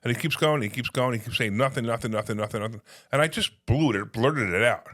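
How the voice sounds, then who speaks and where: A man telling stories in casual conversation, animated, acting out phone calls in quoted voices. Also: mid-range voice, fast. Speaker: podcast guest, real estate investor.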